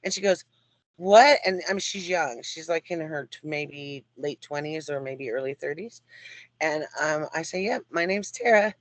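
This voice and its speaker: A talkative woman guest telling a story in an animated way and laughing often. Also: low-pitched, moderate pace, no room sound. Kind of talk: storytelling chat.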